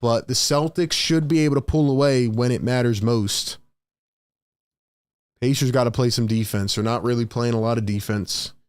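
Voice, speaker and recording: Young male stream host calling plays live; smooth, clear, dry close-mic sound, rises on big plays. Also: mid-range voice, steady tone, dry recording. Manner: reads chat aloud, rapid play calls, rises on big plays. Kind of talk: casual live play-by-play commentary.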